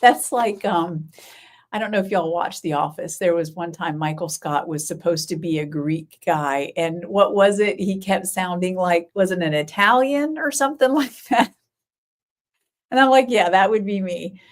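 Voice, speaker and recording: A woman's voice: lowish voice, moderate pace. A middle-aged woman hosting a casual live-stream, chatting and rambling, often laughing and answering viewers by name. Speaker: knitting podcast host.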